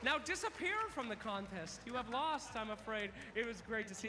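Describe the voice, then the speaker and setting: A man's voice: very high voice, fairly quick, few pauses. A man hosting a live trivia contest on stage, playful and teasing as he counts down answers. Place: large event hall. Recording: long arena reverb.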